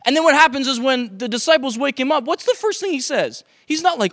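High-voiced, animated male pastor preaching. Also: brisk, dry recording, studio quality. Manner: animated, acts out voices in quoted asides. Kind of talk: sermon. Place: church sanctuary.

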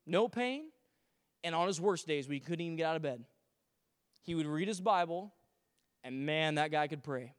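A man from Canada preaching a sermon as a pastor to his congregation, animated, with humorous asides and acted-out quotes. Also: sits high, smooth, long reverb tail. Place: church sanctuary.

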